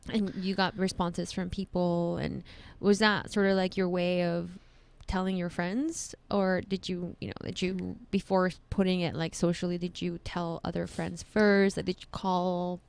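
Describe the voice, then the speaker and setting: A woman's voice: lowish voice, level tone, unhurried, vocal fry, few pauses, a little mellow, clear, resonant tone, no echo. A woman hosting a casual interview, rephrasing her questions as she asks them. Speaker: host.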